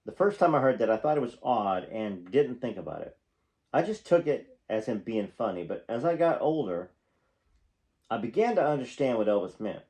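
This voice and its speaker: A man's voice: mid-range voice, big pitch swings, moderate pace, darkish tone. A man hosting a channel, reading a book aloud and stopping often for casual, folksy comments. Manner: breaks off to comment, folksy and conversational.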